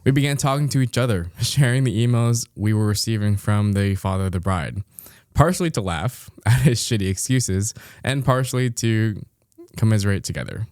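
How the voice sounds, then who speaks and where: A man's voice: on the low side, normal speed, hardly any pauses, darkish tone, no room sound. A young man co-hosting a podcast, reading a listener's story aloud with dry, amused remarks and frequent laughter. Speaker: podcast co-host.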